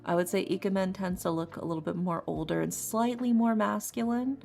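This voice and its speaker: A woman's voice: mid-range voice, fairly even intonation, brisk, creaky, a little mellow. A woman streamer doing tarot readings in a rambling, chatty way, laughing often and repeating herself. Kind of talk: casual live-stream chat. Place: home streaming setup. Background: faint lofi music.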